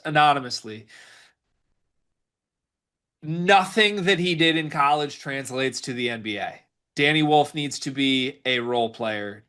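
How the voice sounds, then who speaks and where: A man co-hosting a sports podcast, giving emphatic, rapid-fire scouting takes in casual banter. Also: medium pitch, fairly bright tone. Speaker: podcast co-host.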